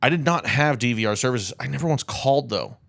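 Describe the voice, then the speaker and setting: A man's voice: medium pitch, animated, quick pace, vocal fry, a bit bright, no echo, clean studio sound. A man co-hosting a podcast, joking and teasing his friend in casual banter. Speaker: podcast co-host. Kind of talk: casual chat.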